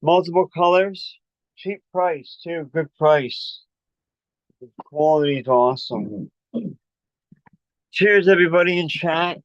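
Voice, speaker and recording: A man's voice: a little high, takes it slowly, pauses often, dry recording. Breathless man rambling on a stream. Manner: rambling, chatty, plugging merch. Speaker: livestream host. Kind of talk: casual livestream chat. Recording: dull lo-fi call audio.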